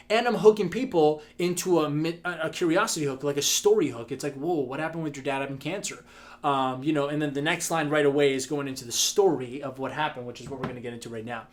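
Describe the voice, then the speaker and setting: A young man with a slightly raised voice explains his point in a loose, energetic way. He leans on lots of examples and often stops to restart a sentence. It sounds like an unscripted lesson on video. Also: fairly high pitch. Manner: energetic, example-heavy, many fillers and restarts. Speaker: business coach. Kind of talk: casual instructional talk to camera.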